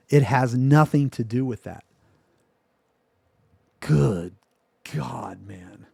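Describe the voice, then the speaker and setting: A man streaming live, ranting in a profane, exasperated way that swings from loud outbursts to low muttering. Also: lively intonation, very slow, vocal fry, pauses often, breathy edge, no echo. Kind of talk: livestream reaction rant.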